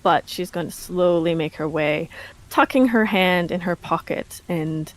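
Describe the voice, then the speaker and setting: A woman playing a tabletop game who calmly describes what her character does and asks the game master questions. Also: fairly low pitch, a little slow, poor audio. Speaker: player. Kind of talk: in-character play and table talk.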